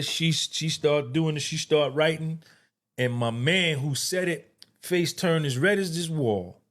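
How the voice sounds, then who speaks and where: Emphatic man with a higher voice. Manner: emphatic, profane storyteller. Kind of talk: casual storytelling.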